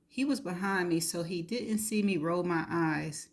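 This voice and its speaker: Woman, novel read aloud, lowish voice, steady intimate delivery. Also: a little slow. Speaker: reader.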